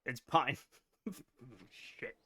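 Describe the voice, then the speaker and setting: A man streaming a video game live, chatting to viewers in an excitable way with loud bursts of enthusiasm. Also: extremely slow.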